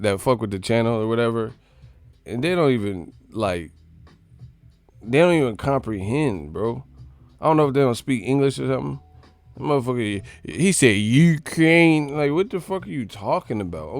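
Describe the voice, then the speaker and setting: A man's voice: mid-range voice, darkish tone, no room sound. A man hosting a boxing channel live stream, ranting in casual, profane, mocking chat.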